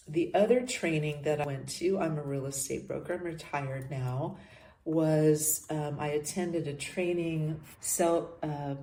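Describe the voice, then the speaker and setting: An older woman talks slowly in a low, deep register, musing through a personal monologue. She is earnest and reflective and often stops mid-thought and starts again. Her voice rings in a noticeably echoey room. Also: warm tone. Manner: earnest, reflective, trails off and restarts. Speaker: podcast host.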